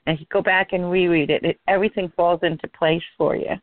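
A woman's voice: lowish voice, steady tone, fast, dry recording. A chatty, enthusiastic woman talking casually as a co-host, laughing easily. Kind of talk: casual chat over a phone line. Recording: tinny phone line.

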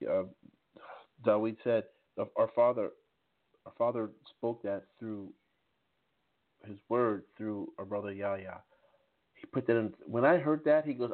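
A man in his fifties preaching fervently on a call, often repeating words and restarting his sentences. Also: lowish voice. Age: 50s. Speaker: participant. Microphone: phone call. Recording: tinny phone line.

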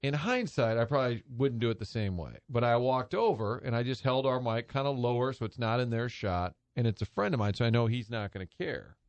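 A man's voice: mid-range voice, fairly quick, few pauses, no room sound. A man hosting a sports talk radio show, telling a long anecdote in a chatty way and laughing at his own story. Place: radio studio.

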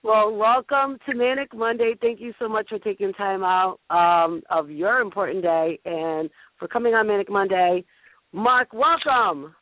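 A woman's voice: medium pitch, a little slow, dry recording. Woman host, gushy chatty delivery, stumbles and restarts, thin phone-line sound, dry. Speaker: show host. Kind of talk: casual live call-in show chat.

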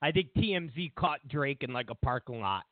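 A man's voice: medium pitch, lively intonation, a little fast, no echo. A man hosting a talk show, ranting sarcastically in a rambling, comedic way with lots of restarts. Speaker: host. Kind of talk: casual comedic rant. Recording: tinny phone-like line, dry.

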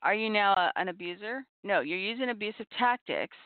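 A middle-aged woman hosting a talk show on abuse recovery, giving earnest, measured advice and repeating her key points. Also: medium pitch, lively intonation, clean tone, no echo. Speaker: podcast host on abuse recovery. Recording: tinny phone-like audio.

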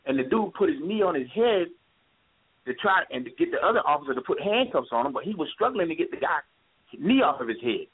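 A man's voice: on the high side, very animated, quick pace, slightly rough. Impassioned man on a tinny phone line. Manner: impassioned, repeats points for emphasis. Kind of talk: phone-in talk radio.

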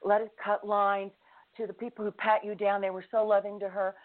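Over a tinny phone line, a middle-aged woman author is interviewed as a guest and tells a personal story earnestly, laughing often. Her mid-range voice keeps a level tone and moves fairly quickly.

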